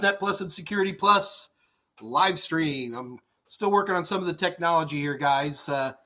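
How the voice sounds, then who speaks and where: A middle-aged man teaching IT certification topics in a live-stream Q&A from his home office, energetic and chatty, rambling with plenty of fillers. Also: fairly high pitch. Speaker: IT certification instructor.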